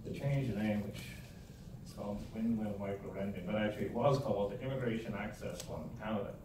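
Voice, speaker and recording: A man's voice: fairly low pitch, fast talker, noisy background. A man giving a rambling, joke-filled talk to a club, often restarting his sentences. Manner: rambling, joke-telling, self-interrupting. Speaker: guest speaker. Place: club meeting room. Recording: echoey room, distant mic.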